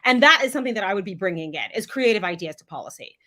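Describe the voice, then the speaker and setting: Animated, outspoken woman guest. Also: medium pitch, very fast. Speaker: congressional candidate guest. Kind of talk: casual live chat interview.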